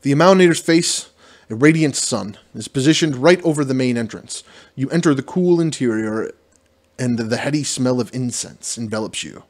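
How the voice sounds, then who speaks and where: A man's voice: medium pitch, lively intonation, normal speed. Man narrating a solo fantasy adventure. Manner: self-deprecating, stumbles over fantasy names. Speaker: dungeon master playing a solo adventure. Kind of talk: reading a gamebook aloud with casual asides.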